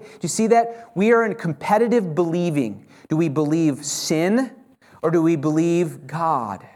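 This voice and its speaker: A man's voice: a little high, darkish tone. A male pastor preaching a sermon to his church, earnest and urging, often restarting his phrases as he presses a point. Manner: frequent self-corrections and restarts.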